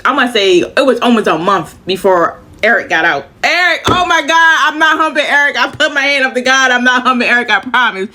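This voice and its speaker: A woman's voice: on the high side, a little fast, hardly any pauses, bright, forceful tone, a little hiss or hum. A woman telling a long personal story in casual, profane speech, out of breath, repeating lines for emphasis. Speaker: storyteller vlogger.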